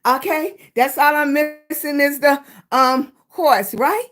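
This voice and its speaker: Chatty southern gal on a phone live, high voice, takes her time. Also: slow, fairly bright tone. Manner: chatty, greets viewers by name. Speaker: livestream host. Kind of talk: casual livestream chat.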